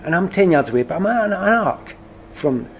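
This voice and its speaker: A middle-aged man with a Glasgow Scottish accent, a former footballer being interviewed, telling stories in a lively, self-deprecating way. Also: high-pitched, normal speed, vocal fry, slight background noise. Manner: animated, self-deprecating storyteller. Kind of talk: casual conversation.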